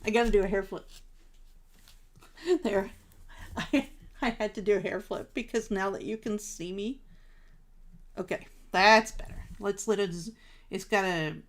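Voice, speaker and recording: Slow-talking gushing craft host woman. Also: mid-range voice. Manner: gushing, chatty, laughs at herself. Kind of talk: casual live crafting chat.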